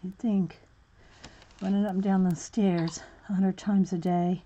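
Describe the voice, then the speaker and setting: A woman's voice: fairly low pitch, flat delivery, normal speed, mellow, highs cut off. A woman hosting a coloring livestream from home, chatting and laughing with viewers by name, out of breath after running to the mailbox. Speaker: adult coloring livestream host. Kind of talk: casual chat while coloring on a livestream.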